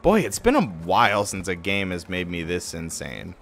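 A man live streaming a game from home, ranting and cursing, swinging between shouts and muttering. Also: deep voice, sing-song, moderate pace, creaky, faint music behind. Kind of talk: profane rant-style game commentary.

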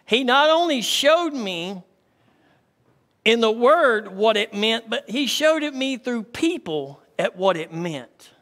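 A man's voice: extremely high pitch, sing-song, slow, a bit bright. A man, a pastor preaching a sermon in a folksy storytelling way and calling out to his congregation. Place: church hall. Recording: long church hall reverb.

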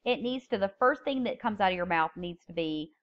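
A woman's voice: lowish voice, animated, brisk, dull audio. Woman lecturing on public speaking. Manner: explains step by step, stresses key words when reading examples. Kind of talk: recorded lecture.

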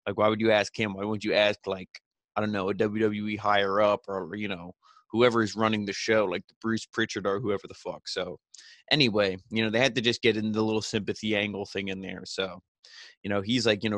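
A man's voice: lowish voice, little pitch movement, a little fast, fairly bright tone, dry recording. A young man recapping a wrestling show in a loose, rambling way, full of fillers and swearing. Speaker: podcast host reviewing wrestling. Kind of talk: casual recap.

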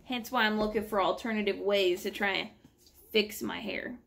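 Rambling, gravelly woman telling a story. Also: medium pitch, normal speed. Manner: animated, rambling, exasperated storytelling. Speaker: vlogger. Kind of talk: casual storytelling vlog. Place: at home.

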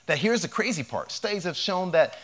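A man who is a cardiologist giving a health lecture, animated and telling humorous stories. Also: sits high, a little fast.

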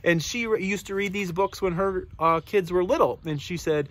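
A man's voice: high-pitched, normal speed, hardly any pauses, no room sound. A man reading a picture book aloud to children, stopping to ask them questions. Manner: animated, asks listeners questions. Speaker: storybook reader.

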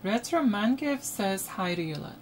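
Excitable woman yelling at a retro game. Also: medium pitch, moderate pace, background noise. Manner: exclaims, laughs and scolds the game. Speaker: gaming channel host. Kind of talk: excited let's-play commentary. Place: home, playing retro computer game. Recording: game music loud behind.

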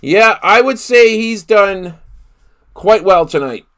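A man's voice: high-pitched, animated, slow pace, a bit bright. A man hosting a live card break, calling out each player he pulls and exclaiming over the big hits. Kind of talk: live card-opening commentary.

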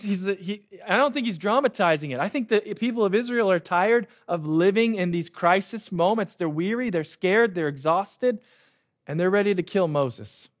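High-voiced chatty pastor preaching. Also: male voice. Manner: conversational, asks "right?" often. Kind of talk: sermon.

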